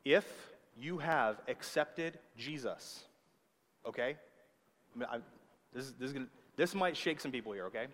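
A man's voice: medium pitch, expressive, moderate pace, a bit bright. A man preaching a sermon with emphatic delivery, often checking in with his listeners. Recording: long hall reverb.

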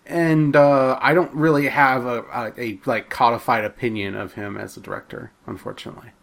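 Midwestern guy on a movie podcast, kinda slow and thoughtful, stops and restarts a lot. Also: medium pitch, steady tone, gravelly. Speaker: podcast co-host. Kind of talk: casual podcast chat.

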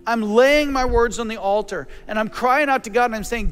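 High-voiced preaching man in echoing hall. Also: moderate pace, few pauses, smooth. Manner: impassioned preaching, shifting into prayer. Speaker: pastor. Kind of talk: sermon. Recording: long reverb with faint music.

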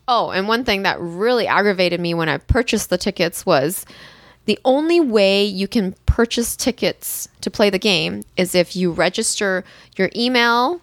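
A woman's voice: normal speed, dry recording. Chatty woman retelling a bad outing. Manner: animated, acts out quotes with rising pitch and laughs. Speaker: storyteller. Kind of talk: casual chat.

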